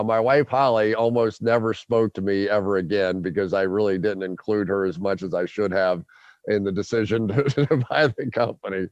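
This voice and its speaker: A man hosting a podcast, telling a long story in an animated way and acting out his own quotes. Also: mid-range voice, smooth, dry recording, muffled recording. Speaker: podcast host.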